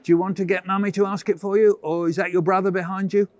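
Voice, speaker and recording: A man's voice: high voice, little pitch movement, fast talker, darkish tone, no room sound, lo-fi sound. A man leading a school workshop for children over a video call, telling playful stories and teasing them in a theatrical, mock-huffy way. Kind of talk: playful storytelling talk to children.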